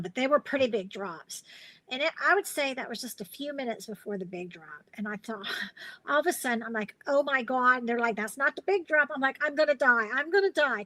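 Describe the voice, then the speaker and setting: Middle-aged woman, chatty live-stream craft host, slightly high pitch, loose storytelling. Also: a bit bright, rough recording. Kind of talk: casual live-stream chat.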